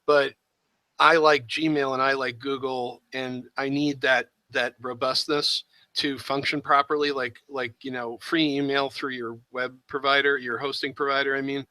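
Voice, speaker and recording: A man's voice: medium pitch, level tone, moderate pace, pushed and bright, no echo, poor audio. A man hosting a casual chat, thinking aloud with hesitant, self-deprecating asides. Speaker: host.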